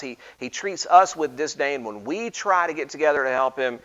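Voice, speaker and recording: A man's voice: on the high side, animated, a little fast, sharp tone, muffled recording. Conversational man teaching Bible study. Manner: conversational, frequent restarts and fillers, reads scripture aloud.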